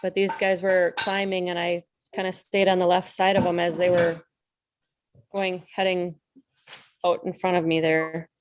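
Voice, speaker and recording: A woman's voice: lowish voice, little pitch movement, unhurried, a little hiss or hum. A woman hosting a casual video call chat about flying, laid-back and easy. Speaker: host of a paramotoring talk show.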